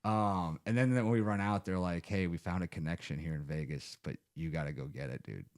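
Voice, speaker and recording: Deep-voiced, brisk, and a little mellow, a man in his thirties from Ohio hosts a podcast where he rambles through stories in casual conversation, full of swearing.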